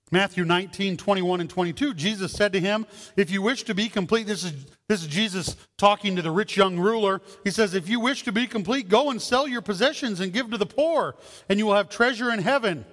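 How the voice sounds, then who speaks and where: High-voiced pastor preaching in a hall. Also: male voice, expressive, normal speed, fairly bright tone. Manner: conversational preaching with rhetorical questions. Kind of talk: sermon.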